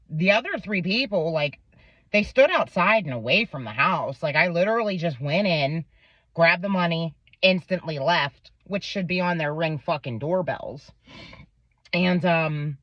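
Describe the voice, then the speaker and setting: A heated woman rants through a story, swearing at every turn and jumping up and down in pitch as she quotes others. The sound is dry and close, with a slightly dull, muffled edge. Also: a bit bright, no echo. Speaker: parent telling a story. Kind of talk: angry storytime rant.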